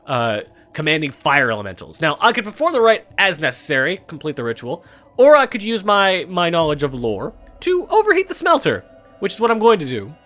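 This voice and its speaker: Lively, high-voiced young man gaming. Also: fairly quick, faint music behind. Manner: animated, irreverent, swears freely. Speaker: gameplay commentator. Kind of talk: let's-play commentary.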